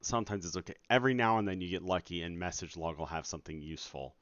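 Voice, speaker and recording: Low-voiced, animated, profane game-dev streamer. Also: male voice, fast, no room sound. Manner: exasperated, profane and sarcastic; talks to his audience while working. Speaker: game developer streaming his work. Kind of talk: casual live-stream commentary. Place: at home at night. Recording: dull lo-fi sound.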